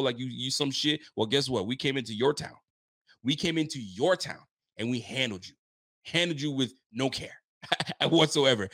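A man's voice: medium pitch, a bit bright, no echo, clean studio sound. A man hosting a live stream, recapping a football game with hyped, joking, rhetorical delivery. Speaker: fan channel host.

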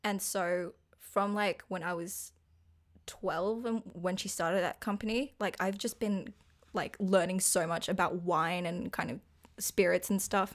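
A woman's voice: fairly low pitch, steady tone, unhurried. A young woman, chatting casually and giggling, joking about herself. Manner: giggly, chatty, self-deprecating. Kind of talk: casual chat.

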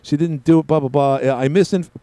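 A man's voice: on the high side, steady tone, fast talker, mellow, no room sound. A man hosting a talk radio show, rambling and tripping over his words, often cutting callers off. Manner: interrupts callers. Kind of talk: casual talk radio chat.

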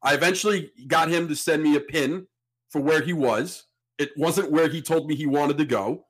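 A man's voice: on the high side, moderate pace. A man hosting a podcast, telling a story in a casual way and acting out the people in it. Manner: animated, acts out the people in his story. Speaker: podcast host.

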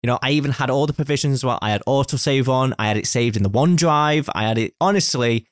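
Man, casual chat, quick delivery, dry close sound, teasing storyteller. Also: medium pitch, dry recording. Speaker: office worker.

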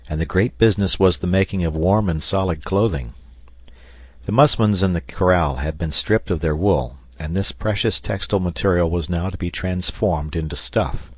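A man from South Carolina narrating a classic adventure novel in a measured, even reading. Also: deep voice, no room sound. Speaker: audiobook narrator. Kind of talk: volunteer audiobook narration.

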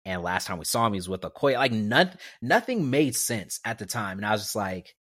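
A man chatting casually as a podcast co-host, animated and quick to laugh as he tells his story in loose slang. His voice sits at an ordinary middle pitch. The sound is close and dry, with no room around it. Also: dry recording. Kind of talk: casual chat.

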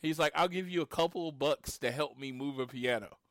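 A man in his late thirties from Oklahoma, chatting casually as a podcast co-host and retelling his encounters with lively storytelling. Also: on the high side, fairly quick, dry recording, clean studio sound. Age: 30s. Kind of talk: casual chat.

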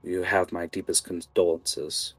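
A man playing a soft-spoken, scarred male cultist in a tabletop game, calm and smooth. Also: sits low, measured pace, no echo, heavily acted.

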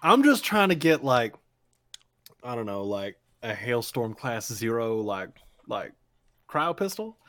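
A man's voice: mid-range voice, big pitch swings, unhurried, a bit bright, no room sound. A man playing a tabletop game, joking and boasting in casual in-character banter and swearing freely.

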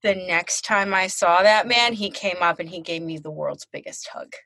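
A woman's voice: lowish voice, moderate pace, fairly bright tone, no echo, rough recording. A woman hosting a podcast, telling stories in a frank, bawdy, casual way. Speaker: podcast host. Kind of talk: casual chat.

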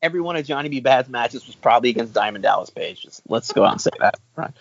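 A man on a casual podcast, joking and cursing while he thinks through quiz answers out loud. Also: mid-range voice, expressive, fast talker, gravelly, slightly rough. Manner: profane, joking, thinks aloud. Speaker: podcast co-host, quiz contestant. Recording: dry, dull lo-fi sound.

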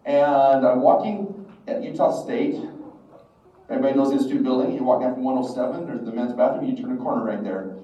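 A man's voice: mid-range voice, a little fast. A middle-aged man giving a devotional talk, telling a personal story and acting out the dialogue. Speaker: religious instructor. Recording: echoey, distant, dull room recording.

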